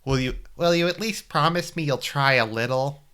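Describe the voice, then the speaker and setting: A man's voice: moderate pace, bright, forceful tone, clean tone. A man voicing a cheerful, fussy teenage girl who worries over her childhood friend, reading a visual novel aloud. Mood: pleading. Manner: pleading, motherly nagging in a high put-on voice.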